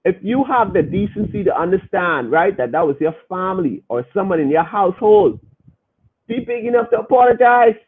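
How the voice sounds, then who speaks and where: Emphatic high-voiced man, tinny and husky. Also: animated, a little fast. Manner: emphatic, preachy, repeats himself. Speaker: podcast host reading chat comments. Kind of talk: casual preaching commentary.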